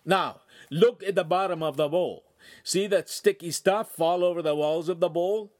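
A man's voice: sits high, normal speed, a little mellow, pitched above the performer's own voice, natural voice. A man voicing a cheerful, bossy master craftsman with an Italian accent and broken English.

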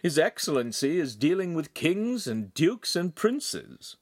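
A man voicing a smooth, shrewd male court official with a measured, persuasive manner. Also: fairly high pitch, sing-song, voice pushed up.

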